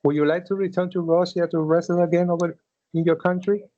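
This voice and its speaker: Guy hosting, kinda dark mellow voice, dull flat-sounding audio, keeps saying you know. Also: high-pitched, quick pace. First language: Spanish. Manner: friendly, repeats "you know", gives earnest advice. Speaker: wrestling interviewer, host. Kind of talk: casual interview.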